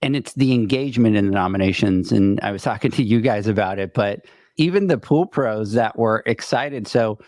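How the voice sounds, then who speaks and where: A man's voice: fairly low pitch, darkish tone, no room sound, studio quality. Winded middle-aged man hosting a podcast. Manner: rapid, rambling, out of breath. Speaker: podcast host. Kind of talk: casual chat.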